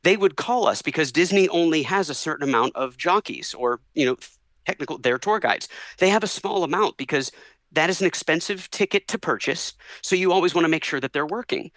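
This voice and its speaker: A man chats as a guest on a podcast, spinning a long story with lively energy. His voice sits a bit high, and he jumps into the voices of the people he quotes. The recording is close and dry, with almost no room sound. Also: a little fast, dry recording, poor audio. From Orlando, Florida area. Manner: animated, acts out voices in quotes. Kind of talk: storytelling in a casual interview.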